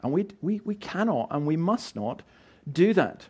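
A middle-aged man delivers a sermon as a pastor. He speaks in an earnest, emphatic way, with a voice pitched a little above the usual for a man, and he often restarts and repeats words as he presses his point. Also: very animated, moderate pace, mellow, slightly rough.

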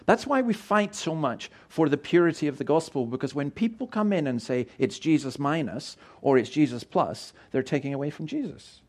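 Earnest middle-aged pastor preaching, slightly high voice. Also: male voice, expressive, moderate pace, few pauses, darkish tone. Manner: earnest, emphatic, with frequent restarts and repeated words. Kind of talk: sermon.

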